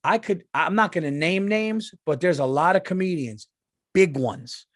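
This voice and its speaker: A man's voice: high voice, moderate pace, dry recording, clean studio sound. A middle-aged man, a comedian hosting his podcast, ranting in a casual, profane monologue and often repeating himself.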